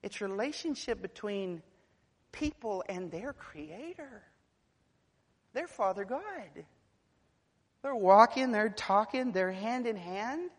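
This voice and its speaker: A man preaching a sermon, swinging from hushed, quiet passages to loud, emphatic climaxes. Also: sits high, lively intonation, slow, pauses often. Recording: long hall reverb.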